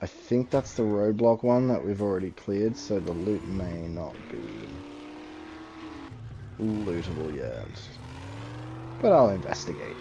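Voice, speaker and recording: A man's voice: lively intonation, unhurried, long pauses, noisy background. A young man swearing freely in casual chat while playing a game. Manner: crude, slangy, swears a lot. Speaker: gamer. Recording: dull low-fi home mic.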